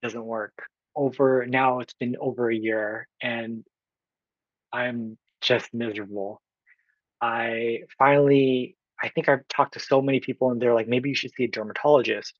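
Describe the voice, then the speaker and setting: A man's voice: medium pitch, fairly even intonation, a little slow, no room sound, muffled recording. A man in his twenties from Oakland, California, telling his own story as a podcast guest in an earnest way, acting out what people said to him and using plenty of fillers. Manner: earnest, retells with quoted dialogue, frequent fillers. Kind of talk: storytelling in conversation.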